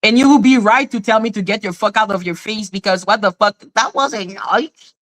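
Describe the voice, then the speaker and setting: She fires off her heated live commentary quickly in a mid-range voice, outraged and swearing bluntly. The Canadian livestream host keeps circling back to the same points over and over.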